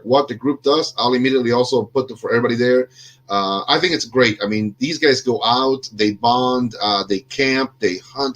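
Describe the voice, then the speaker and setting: A podcast host chats casually over a video call, a little under the weather, joking at his own expense and rambling with lots of fillers. His mid-range voice has a fairly bright tone.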